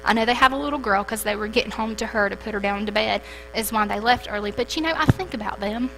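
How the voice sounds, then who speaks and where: A young woman telling a personal story at a church service, animated and lively, acting out the dialogue. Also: mid-range voice, quick pace, soft background music, low-quality recording. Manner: storytelling, animated retelling with quoted dialogue and laughter. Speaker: church speaker. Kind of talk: testimony to a congregation.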